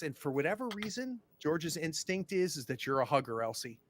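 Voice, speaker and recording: A man's voice: on the high side, very animated, fairly quick, few pauses, dry recording. A man acting as game master, narrating a tabletop game descriptively, with hesitations and repeated words.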